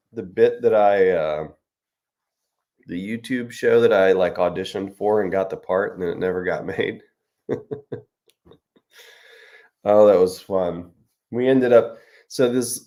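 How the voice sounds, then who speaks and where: A man's voice: sits low, darkish tone. A man, an author, hosting a casual livestream chat, joking and laughing often.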